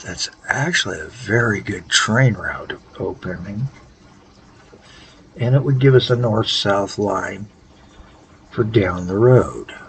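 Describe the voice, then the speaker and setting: Worn out guy talking thru a game tutorial, gravelly low voice, bit of hiss behind. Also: poor audio. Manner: halting, thinking aloud, low-key. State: tired, worn out. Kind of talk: casual gameplay tutorial commentary.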